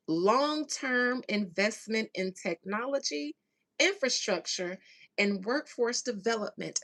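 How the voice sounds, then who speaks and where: A woman hosting her channel speaks in a medium-pitched, somewhat bright voice, giving her viewers a casual commentary rant. Her delivery is emphatic and sarcastic, with elongated stresses on key words and slangy, mildly profane wording.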